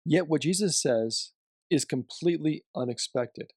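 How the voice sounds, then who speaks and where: A man giving a devotional teaching, reading scripture and explaining it in a measured way with emphasis on key phrases. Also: fairly high pitch, darkish tone, husky, no room sound, clean studio sound. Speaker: Bible teacher.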